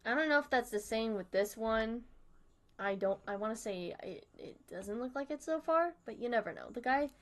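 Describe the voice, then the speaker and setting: A young woman hosting a live stream, softly chatting and rambling in casual commentary as she watches a video, with small laughs, close to a desk mic at home. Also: on the high side, lively intonation, normal speed. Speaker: livestream host. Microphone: desk microphone close up.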